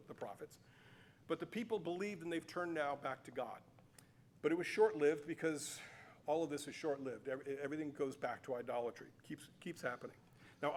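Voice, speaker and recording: A man teaching a Bible class, telling the stories in an animated, chatty way with fillers and restarts. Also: on the high side, a little hiss or hum. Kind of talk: casual storytelling lecture. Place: cathedral.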